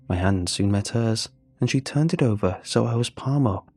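A man narrates a scripted horror story in a calm, measured way. His voice is fairly low, dark and a little husky, recorded close and dry with faint music underneath. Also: no echo.

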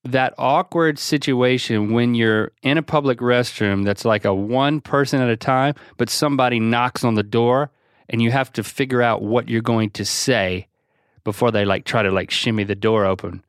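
A man co-hosting a podcast, talking in an animated, jokey way. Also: mid-range voice, normal speed, clear, resonant tone, dry recording, clean studio sound. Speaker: podcast co-host. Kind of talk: casual chat.

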